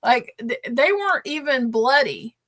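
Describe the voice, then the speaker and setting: A woman's voice: sits high, lively intonation, measured pace, fairly bright tone. A woman co-hosting a podcast, telling a story in a rambling, emotional way with many restarts. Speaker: podcast co-host. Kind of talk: casual chat.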